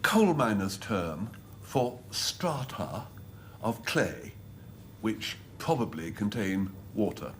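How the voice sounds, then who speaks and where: A man's voice: fairly low pitch, sing-song, slow, slight background noise. A middle-aged man, a team captain on a panel game, teasing and joking. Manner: jokey, teasing.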